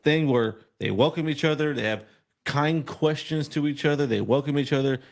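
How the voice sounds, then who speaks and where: A man's voice: fairly high pitch, moderate pace, gravelly. A man co-hosting a podcast, chatting bluntly and profanely about politics and laughing often. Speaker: podcast co-host. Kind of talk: casual political chat.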